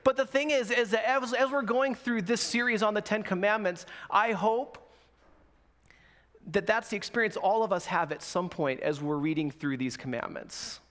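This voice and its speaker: A man preaching a sermon, opening with a slow, soft prayer and then telling stories with lively quoted voices. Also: high voice. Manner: animated storytelling with quoted voices. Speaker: guest preacher.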